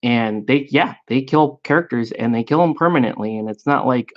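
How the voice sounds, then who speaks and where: A man's voice: medium pitch, normal speed, hardly any pauses, lo-fi sound. A man chatting casually about a tabletop game, rambling with frequent fillers and restarts. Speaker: miniature painting and gaming host. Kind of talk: casual chat.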